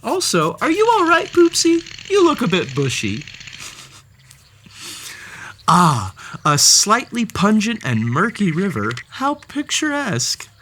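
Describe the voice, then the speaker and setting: A theatrical children's story narrator whose pitch swoops wildly up and down from line to line. The delivery is slow and unhurried, every phrase stretched out for young listeners, with a steady hiss of background noise under the voice. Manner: playful, theatrical, talks directly to the story's cat. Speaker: storybook read-aloud host.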